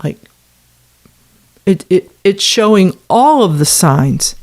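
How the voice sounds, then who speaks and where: A woman's voice: mid-range voice, big pitch swings, takes it slowly, pauses often, a little mellow. A woman giving reaction commentary, reading out messages and adding sarcastic, indignant asides and rhetorical questions to her listeners. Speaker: commentator on a former church.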